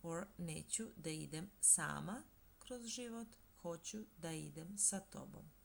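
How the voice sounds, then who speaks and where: Slow, gravelly-voiced woman teaching a language. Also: on the low side, slight background noise. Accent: Montenegrin. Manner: slow and deliberate, pausing between phrases. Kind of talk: slow, scripted language lesson.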